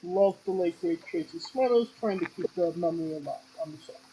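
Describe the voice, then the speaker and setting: A woman's voice: lowish voice, sing-song, fairly quick, creaky, mellow, husky, low-quality recording. A woman hosting an interview who asks playful, jokey questions in a casual, upbeat way. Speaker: interview host.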